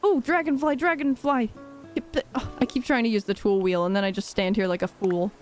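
A young woman with a slightly high voice chats her way through a live game stream. She rambles, laughs easily and lets out theatrical sighs. Soft game music plays faintly underneath. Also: fairly even intonation, fairly quick. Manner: chatty and rambling, laughs often, dramatic sighs. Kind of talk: casual live-stream gameplay chat.

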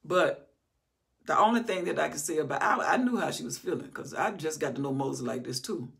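A woman's voice: low-pitched, brisk, creaky, a bit bright. A middle-aged woman teaching a Bible study, reading scripture aloud and then expounding on it with rising, emphatic force.

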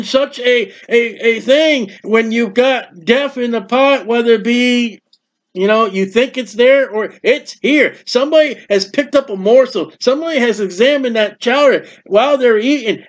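A man with a high voice preaches a sermon, spinning homely stories and acting out what people say in them. The sound is dull and lo-fi, like an old church tape. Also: unhurried. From United States. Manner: folksy storytelling with acted quotes. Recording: dull lo-fi recording.

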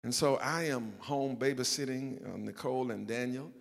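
In a church sanctuary, an older Southern US pastor tells a self-mocking personal story during his sermon, acting out the quotes. His medium-pitched voice has vocal fry, moves at normal speed, and trails a long reverb tail.

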